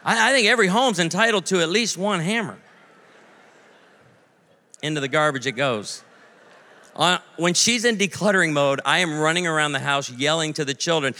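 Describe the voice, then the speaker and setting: A man's voice: fairly high pitch, expressive, moderate pace, sharp tone. A man in his forties preaching a sermon, telling stories with comic voices and asides to the audience. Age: 40s. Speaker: pastor. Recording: long hall reverb.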